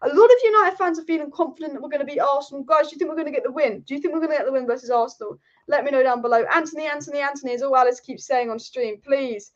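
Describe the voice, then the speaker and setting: A woman with a high voice hosts a live football stream. She talks with animated energy, reads viewer comments aloud and swears now and then. The audio is slightly dull and lo-fi. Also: racing, few pauses. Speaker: football channel host.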